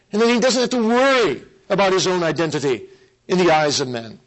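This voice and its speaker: A man preaching a sermon, earnest and emphatic, repeating key phrases and slowing down to stress them. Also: sits high, a bit bright, poor audio.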